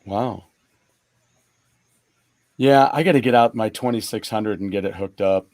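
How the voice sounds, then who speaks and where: A man's voice: fairly low pitch, a little slow, darkish tone, dry recording. Chatty rambling man co-hosting. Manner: chatty, rambling with many fillers. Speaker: co-host. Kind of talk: casual stream chat.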